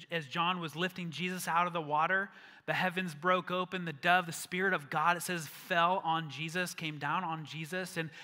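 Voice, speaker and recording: Brief: male pastor, earnest sermon, fairly high and very bright voice, long hall reverb. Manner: earnest, rising to emphatic peaks. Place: church sanctuary.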